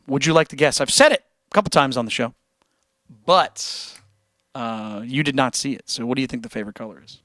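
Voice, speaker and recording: A man hosting a livestream who chats casually with his viewers and reads out their comments. He talks in an animated, joking way and swears freely. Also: mid-range voice, fairly quick, no echo, studio quality. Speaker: livestream host and guitarist.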